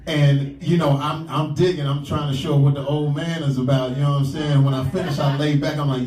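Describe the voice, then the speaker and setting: A man's voice: a little high, fairly even intonation, fairly quick. Laughing man telling a crude story, far off. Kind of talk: comic storytelling. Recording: echoey and distant with crowd noise. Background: crowd and ambience.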